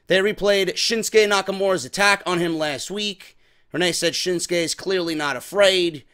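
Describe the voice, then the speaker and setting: A man's voice: sits high, normal speed, pushed and bright, clean tone. A man giving a casual, profane wrestling show review, exasperated and mocking.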